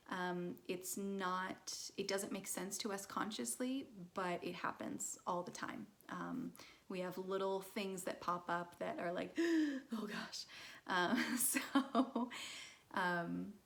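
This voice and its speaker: A woman's voice: medium pitch, creaky. A woman teaching a casual mindfulness lesson in a chatty way, with frequent laughs and fillers.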